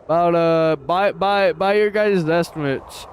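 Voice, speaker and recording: An American man giving live gameplay commentary as a streamer, chatty with his viewers and quick to swear. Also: a little high, a little hiss or hum.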